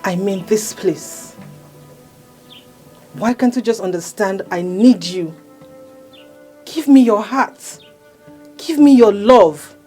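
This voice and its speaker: A woman playing a seductive, possessive female marine spirit princess, coaxing and commanding in a husky voice. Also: medium pitch, slow, pauses often, warm tone, soft background music. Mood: pleading, seductive. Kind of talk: film drama acting.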